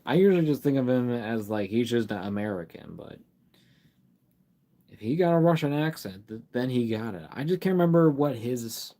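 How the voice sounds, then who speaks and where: A man's voice: medium pitch, expressive, normal speed, dark tone. A man hosting a casual live stream, reading a product card aloud and chatting with viewers, full of fillers and restarts. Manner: chats directly with viewers in chat.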